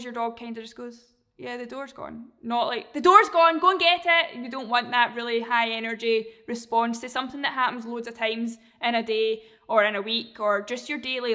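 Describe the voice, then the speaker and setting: A woman dog trainer explaining a training method in a relaxed, chatty way, sometimes acting out how a dog reacts. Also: on the high side. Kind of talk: casual instruction.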